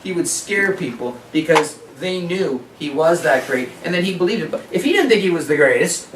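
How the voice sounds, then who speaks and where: Guy running a health workshop, bit high voice, roomy echo, mic kinda far off. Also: fairly quick, background noise. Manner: lively, asks audience questions. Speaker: workshop presenter. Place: workshop room. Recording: echoey room, distant mic.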